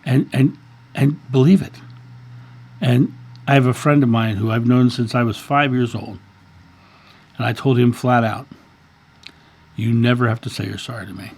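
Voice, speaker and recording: A man's voice: mid-range voice, fairly even intonation, moderate pace, long pauses, a little mellow. A man in his fifties, a channel host, earnestly telling a story in a casual monologue and often repeating words. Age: 50s.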